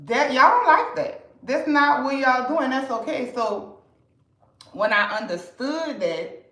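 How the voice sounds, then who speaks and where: Selling to customers on a livestream, this New Orleans woman talks freely in her New Orleans accent, blunt and full of profanity. Her slow, high-pitched voice has a fairly bright tone, captured in an echoey room with poor audio.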